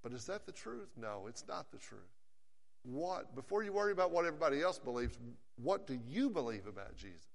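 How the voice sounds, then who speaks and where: Male preacher, slightly high voice, emphatic sermon delivery, long hall reverb. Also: sing-song, creaky. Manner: earnest, emphatic, slows down for scripture quotes.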